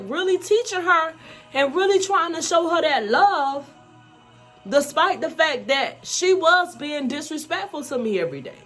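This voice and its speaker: Her voice is high-pitched and a bit bright. In this personal storytelling vlog, the adult woman, a mom of school-age kids, recounts her life to the camera candidly and emphatically, frequently using "you know" and "y'all."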